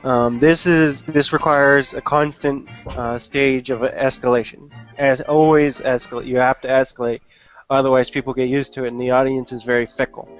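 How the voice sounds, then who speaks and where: A man in a casual group chat, explaining his view in a measured way with thinking-aloud fillers. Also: medium pitch, flat delivery, soft background music. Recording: dull lo-fi online call audio.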